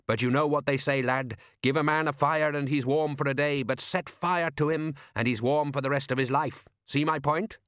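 A man's voice: fairly high pitch, fairly even intonation, normal speed, hardly any pauses, fairly bright tone, no echo, studio quality, pitched above the performer's own voice, lightly acted. A man doing a blustering bossy fisherman dad. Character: blustering scheming middle-aged fisherman father.

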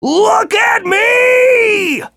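A man voicing an ancient giant worm in a storybook reading, with a shrill, howling, pleading delivery. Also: expressive, extremely slow, pushed and bright, no room sound, raised voice, clean studio sound, full character voice. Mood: shouting.

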